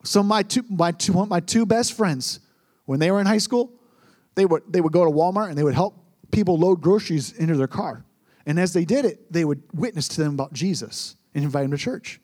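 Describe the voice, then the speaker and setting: High-voiced young pastor preaching. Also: male voice, animated, fairly quick, a little mellow. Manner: earnest, storytelling, repeats words for emphasis. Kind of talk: sermon.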